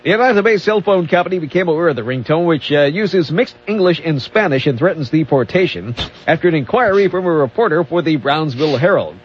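A man's voice: fairly high pitch, expressive, fast talker, a little hiss or hum. A man co-hosting a radio show, reading news items in a dry, wisecracking way. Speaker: radio co-host and news reader. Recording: dull lo-fi radio broadcast.

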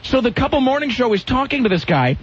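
A man's voice: very high voice, big pitch swings, fast talker, a little hiss or hum. A man hosting a radio show, telling a rambling story in casual on-air banter and often cutting himself off. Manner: rambling, self-interrupting storytelling. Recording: lo-fi radio broadcast sound.

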